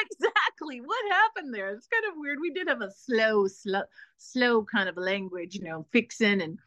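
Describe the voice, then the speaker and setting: A woman's voice: fairly high pitch, animated, normal speed, fairly bright tone, no room sound. A woman from Texas hosting a casual interview, bubbly and full of filler words. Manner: bubbly, lots of "like" and restarts. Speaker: podcast host.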